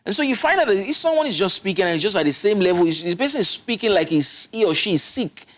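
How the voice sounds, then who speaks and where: A man's voice: sits high, sing-song, quick pace, a bit bright. A man, a public speaking coach, explaining his methods emphatically in a studio interview, often restarting his sentences. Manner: instructive, emphatic, with frequent restarts.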